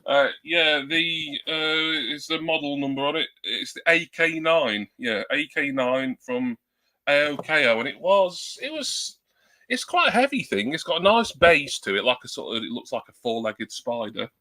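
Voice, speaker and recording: A man's voice: fairly high pitch, lively intonation, normal speed, bright, forceful tone. A man at home, chatting casually on a live stream and testing a new desktop USB microphone, rambling and self-deprecating with many ums. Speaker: livestreamer. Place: at home at a computer.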